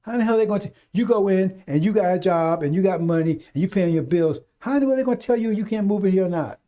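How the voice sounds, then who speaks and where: A radio preacher talks unscripted on a radio stream in a high, mellow voice at a quick pace. He rambles and scolds in a folksy way, sometimes mocking people by putting on voices.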